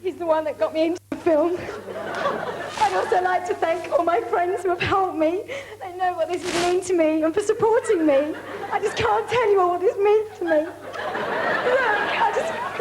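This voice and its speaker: A woman's voice: very high voice, very noisy. A hypnotised woman from the audience giving a gushing mock award speech, laughing through her words. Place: TV studio with audience. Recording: echoey VHS TV studio, loud crowd.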